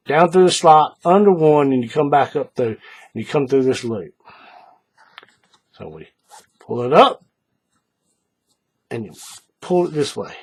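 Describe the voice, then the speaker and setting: A man with a higher, animated voice and a husky edge walks a viewer through a craft tutorial. He is patient and repeats each step, often pausing to check the viewer is following. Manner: patient, repeats steps, checks in with "all right?". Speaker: paracord bracelet instructor.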